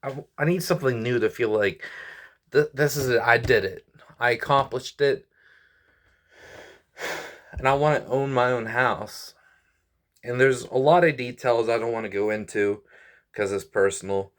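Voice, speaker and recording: A man's voice: mid-range voice, normal speed, long pauses. A man in his twenties venting to his viewers, rambling, stressed and weary, with frequent sighs and apologies. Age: 20s. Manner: frustrated, rambling, sighing, apologetic. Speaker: YouTuber and comedian. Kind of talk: venting vlog to camera.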